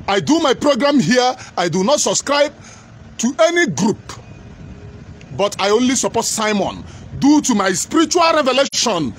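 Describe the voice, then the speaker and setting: A man's voice: very high-pitched, a little hiss or hum. A man giving an emphatic, repetitive political commentary monologue.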